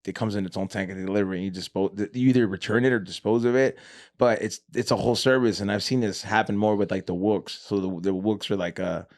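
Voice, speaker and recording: A man's voice: fairly low pitch, fairly even intonation, quick pace, a little mellow. Laid-back young man telling rambling stories. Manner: rambling, laughing, full of "like" and swearing. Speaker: podcast guest, cannabis show host. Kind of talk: casual storytelling chat.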